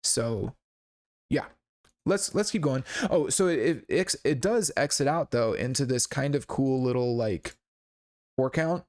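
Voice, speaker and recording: A man's voice: mid-range voice, expressive, measured pace, a little mellow. A man hosting a casual song breakdown, talking in a laid-back, rambling way with lots of fillers and restarts. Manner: laid-back and candid, with occasional swearing. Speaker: songwriting channel host.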